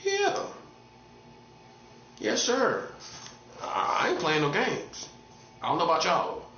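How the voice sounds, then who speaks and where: A man's voice: high voice, wildly swooping pitch, slow pace, pushed and bright, roomy sound, dull audio, slight background noise. A man preaching in a casual, street-talking way, repeating himself and laughing at his own jokes. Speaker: prophet. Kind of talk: informal preaching monologue.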